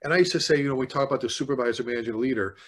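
A man from the fire service talking casually on a podcast, telling stories with animated energy. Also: mid-range voice, rapid-fire. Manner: animated storyteller, excited when retelling.

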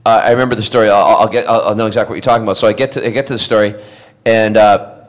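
A man's voice: fairly low pitch, steady tone, racing. A middle-aged man, an actor, tells a rambling, funny story to fans. He laughs often and restarts his sentences. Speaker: actor answering fan questions. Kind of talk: anecdotal convention Q&A.

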